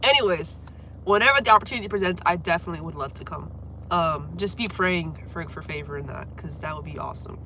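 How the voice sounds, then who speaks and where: Congested and coughing from a cold, a young woman livestreams from home and chats casually, apologizing along the way. This livestreamer and singer talks fast in a low-ish, sharp voice, with slight background noise.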